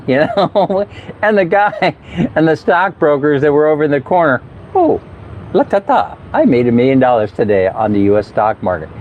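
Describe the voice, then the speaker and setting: A man's voice: on the high side, a little hiss or hum. Chatty man vlogging on a city street. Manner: chatty, laughs often, mimics people for fun. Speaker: travel vlogger. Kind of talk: casual travel vlog. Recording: slightly dull outdoor recording.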